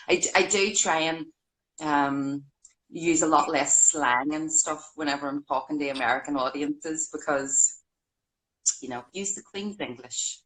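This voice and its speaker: A woman with a lilt talks as a guest over a video call. She is friendly and homely and calls people "honey". Her voice sits a little low. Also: a little slow, fairly bright tone, poor audio. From Ireland. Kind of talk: casual chat.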